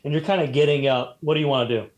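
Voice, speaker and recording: A man's voice: on the high side, rapid-fire. Man running a casual tabletop game. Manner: loose, filler-heavy narration. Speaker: game master. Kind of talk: narrating a tabletop role-playing game.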